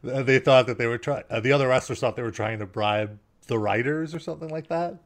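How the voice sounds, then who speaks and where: A man's voice: mid-range voice, quick pace. A man hosting a podcast, mostly adding short agreement and asking long questions. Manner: brief backchannel, longer questions. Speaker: podcast host. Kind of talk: casual interview chat.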